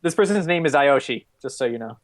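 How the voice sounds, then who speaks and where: A man's voice: medium pitch, expressive, quick pace. A man running a tabletop game as game master, explaining things in a rambling way with lots of fillers.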